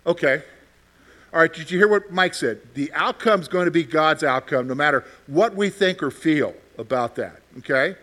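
High, bright-voiced man teaching a Bible class. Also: lively intonation, normal speed. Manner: keeps checking in with "okay?", repeats phrases. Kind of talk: interactive class discussion.

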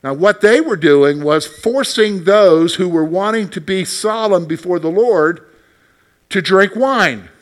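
A man leads a Bible study lesson with a slightly higher voice than most men. He talks in a conversational way and often puts questions to his class. When he voices God's words, he becomes animated. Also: a little slow. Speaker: Bible teacher.

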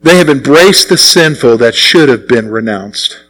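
A middle-aged man preaching a sermon as pastor, asking the congregation questions and answering them himself, with sudden drops to quiet asides. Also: expressive, unhurried, faint music behind, poor audio. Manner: swings between raised, punchy lines and low, quiet asides.

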